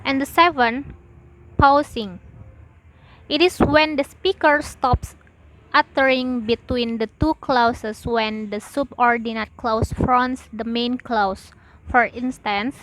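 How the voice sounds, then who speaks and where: A woman's voice: high-pitched, fairly even intonation, fairly bright tone, low-quality recording. A young woman, a student, reading out a class presentation in a careful, list-like way. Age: young adult. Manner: slow, careful, list-like delivery.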